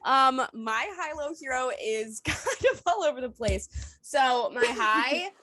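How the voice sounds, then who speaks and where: A young woman co-hosts a casual podcast in a bright, fairly high voice, speaking slowly but animatedly, and the recording is dry. She rambles between stories, swears freely, and laughs often. She's outdoors at her mother's home, with a dog barking and squirrel noises in the background.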